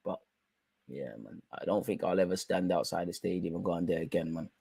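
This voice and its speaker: A man's voice: fairly low pitch, steady tone, fairly quick, dry recording. A young man hosting a live football watch-along, chatting in slang straight to his viewers. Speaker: live stream host.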